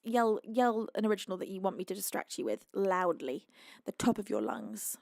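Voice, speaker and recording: A woman's voice: medium pitch, normal speed, vocal fry, a little mellow, no echo, clean studio sound. A young British woman hosting a live music stream, bubbly and affectionate as she thanks viewers, laughing often and teasing them in mock-stern tones. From United Kingdom. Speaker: livestream singer host.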